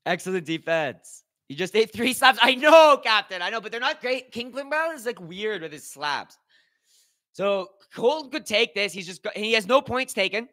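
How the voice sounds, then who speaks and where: A young man hosting a live watch party, commentating on slap fights with excitable, profane banter and shoutouts to his chat. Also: sits high, moderate pace. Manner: excitable, swears a lot, talks to chat. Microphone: headphones with mic.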